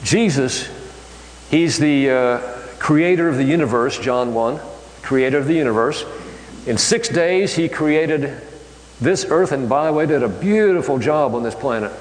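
A man giving a folksy lay sermon in a church hall, halting, with many fillers. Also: mid-range voice. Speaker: lay preacher. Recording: echoey hall with faint hum.

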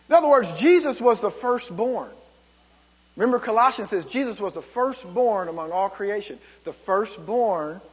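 A man preaching with a high, lively voice that swoops up and down as he presses his points. His tone is slightly husky, and his words carry a long reverb from a church sanctuary. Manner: emphatic preaching with many calls of "come on". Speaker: pastor. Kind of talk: sermon.

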